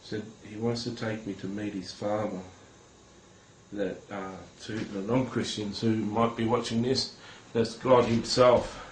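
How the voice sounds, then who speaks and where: A man telling a personal religious testimony to camera, earnest and halting, with many hesitations, speaking directly to viewers. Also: fairly low pitch, flat delivery, a little hiss or hum. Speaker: Christian recounting a vision. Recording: roomy with faint ambience.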